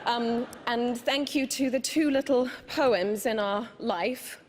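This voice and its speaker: A woman's voice: fairly high pitch, slow pace, big-room sound. Gushing woman from Britain. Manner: gushing, animated, laughing. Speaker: interview guest. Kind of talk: casual chat and speech.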